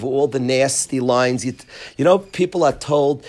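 A man teaching a Torah lesson to a class of boys, animated and sarcastic, calling on students by name. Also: on the high side, measured pace.

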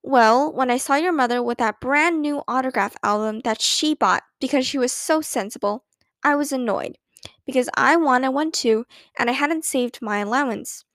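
A woman's voice: high-pitched, moderate pace, a bit bright, no echo, studio quality. Woman reading as grown-up aunt, playful, chatty, storybook. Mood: amused.

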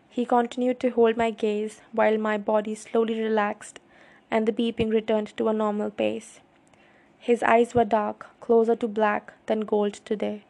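Woman reading a novel aloud, first-person narration, slightly high, gravelly. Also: a little mellow. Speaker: audiobook reader.

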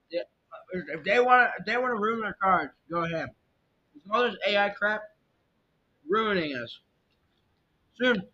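A man's voice: pushed and bright, breathy edge. A young man hosting a casual solo podcast, rambling and opinionated, with lots of fillers and restarts. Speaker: podcast host. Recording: muffled lo-fi mic with faint rumble. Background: faint jazz music.

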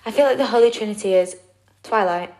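A young woman co-hosting a podcast who tells stories in an animated way and shares playful, strong opinions. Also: mid-range voice, fast. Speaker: podcast co-host. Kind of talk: casual chat. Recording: echoey room.

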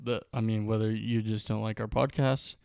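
A laid-back male podcast co-host, chatting loosely at an easy, friendly pitch. His voice is smooth and clean. The mic is close and dry, with no room sound. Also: flat delivery, moderate pace, darkish tone, no room sound. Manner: laid-back, loose, drawling sign-off with fillers. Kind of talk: casual chat.

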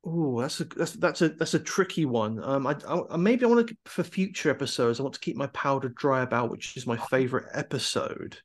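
A man's voice: medium pitch, animated, fairly quick, hardly any pauses. A man in his forties co-hosting a podcast in casual chat, rambling and hesitant as he talks. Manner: rambling, hesitant, full of restarts. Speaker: podcast co-host.

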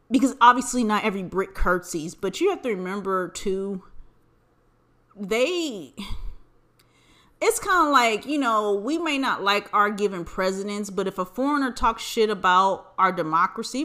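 An American woman hosts a podcast, ranting through casual commentary full of profanity. Her voice is mid-range with a sharp tone.

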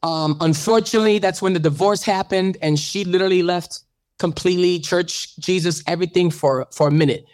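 A man's voice: high-pitched, brisk, a little mellow, no room sound. A man hosting a radio show, telling his story in an interview with a preacherly lilt that builds to fervent calls. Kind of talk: animated testimony in an interview.

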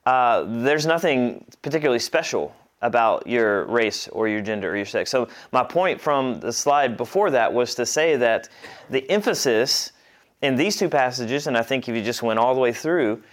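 A man's voice: mid-range voice, a bit bright. A man teaching a church class, talking conversationally, restarting phrases and checking that the group follows.

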